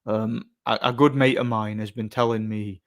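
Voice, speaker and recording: A man's voice: on the low side, fairly even intonation, moderate pace. A man chatting casually on a live stream, reading comments and rambling sarcastically with many fillers and restarts.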